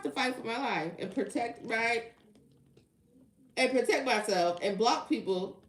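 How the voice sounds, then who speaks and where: A woman's voice: fairly high pitch, lively intonation, normal speed, reverberant, slight background noise. A woman reading tarot on a live stream, chatting casually with her viewers and getting indignant at rude comments. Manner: casual, talks to chat, gets heated and indignant. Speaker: tarot reader.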